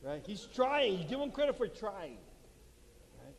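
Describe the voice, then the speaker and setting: A man's voice: high-pitched, sing-song, a little slow. A man giving a talk at a marriage conference, acting out little quotes and laughing at his own jokes. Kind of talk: lively talk to a live audience. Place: church hall before an audience. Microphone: handheld mic. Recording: long hall reverb, faint room noise.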